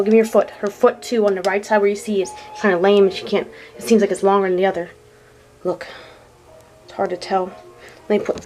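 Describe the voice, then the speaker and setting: Filming her sick pet bird at home on a handheld camera, a woman with a mid-range, darkish voice is close to tears. She speaks haltingly and tenderly, sighing and restarting, in an emotional home video complaint.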